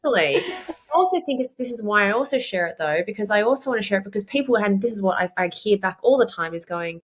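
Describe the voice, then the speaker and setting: A woman's voice: mid-range voice, lively intonation, fast talker, husky. A woman in her thirties, a fitness coach and podcast guest, candidly and emphatically telling a personal story, swearing freely. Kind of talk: casual chat, personal storytelling.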